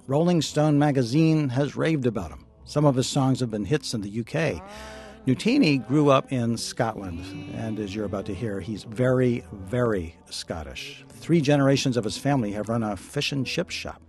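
A man's voice: mid-range voice, normal speed, darkish tone, soft background music. A man hosting a radio interview, asking curious, friendly questions and laughing easily.

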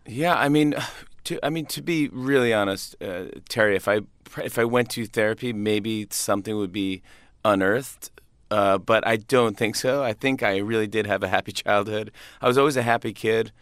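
A man's voice: lowish voice, moderate pace, a bit bright, no echo, clean studio sound. A man, a comedian guest, chatting casually in an interview, laughing often and restarting his sentences.

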